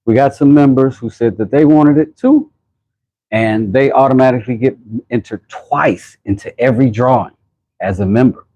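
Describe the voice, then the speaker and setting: An American man hosting a casual livestream, rambling and laughing as he gives shout-outs to viewers from his workshop. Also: medium pitch, normal speed. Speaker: channel host. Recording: dull lo-fi sound.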